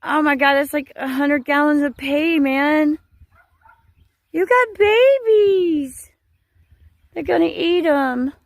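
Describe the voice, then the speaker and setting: A woman's voice: high-pitched, level tone, measured pace, few pauses, dry recording. A woman, walking along a cattle fence outdoors and calling to the cows in a coaxing, sing-song way. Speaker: vlogger. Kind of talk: casual vlog, talking to cattle.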